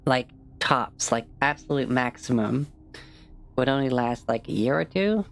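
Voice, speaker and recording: Game master for a tabletop game: a slow, halting woman with a strikingly low voice. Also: expressive, creaky, faint music behind. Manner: hesitant, full of fillers, swears when frustrated.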